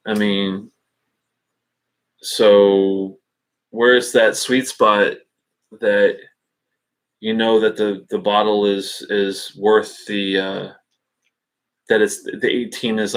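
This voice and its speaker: Man, low voice, casual webcam stream host, halting and thinking aloud. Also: a bit bright. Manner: halting, thinking aloud with many fillers and restarts. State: hiccups. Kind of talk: casual live-stream chat.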